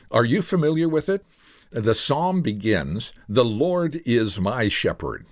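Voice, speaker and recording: A man's voice: lowish voice, no room sound, studio quality. Earnest man giving a devotional message. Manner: earnest, gently questioning, storytelling. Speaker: radio Bible teacher, host.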